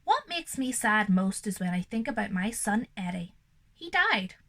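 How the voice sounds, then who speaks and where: A young woman reading a picture book aloud to young children and explaining it gently and reassuringly, as their teacher. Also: medium pitch, lively intonation, moderate pace, creaky.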